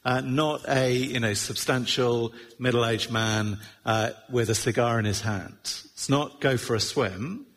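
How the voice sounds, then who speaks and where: A man's voice: mid-range voice, fairly even intonation, measured pace, hardly any pauses, fairly bright tone. A middle-aged man preaching a sermon in a conversational way, with wry asides. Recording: long reverb of a large hall.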